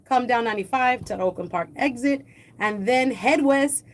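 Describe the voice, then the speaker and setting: A woman's voice: fairly high pitch, normal speed. A woman hosting a live talk show in a studio, chatting and reading the news, often repeating points to her listeners. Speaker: host.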